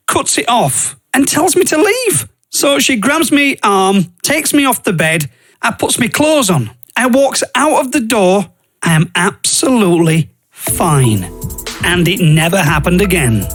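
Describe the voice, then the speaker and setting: High-voiced man telling a testimony. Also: big pitch swings, measured pace, fairly bright tone, faint music behind. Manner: earnest, conversational, uses regional grammar like "I goes". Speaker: podcast host. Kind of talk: personal faith testimony storytelling.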